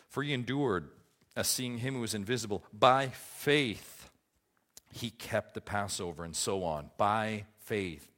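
A man preaching a sermon as pastor, emphatic, with big swings between soft low passages and loud high ones. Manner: emphatic preaching with wide swings in pitch and loudness.

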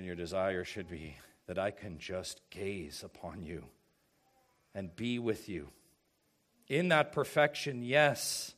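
This pastor's voice sits on the low side. His sermon is slow and forceful, moving from hushed asides to loud calls, punctuated by rhetorical questions.

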